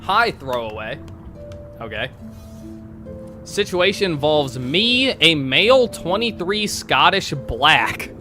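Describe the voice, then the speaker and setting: A man's voice: a little high, very animated, takes it slowly, bright, forceful tone, faint music behind. A man live-streaming, casually reading online posts aloud to his chat and breaking off with sarcastic asides.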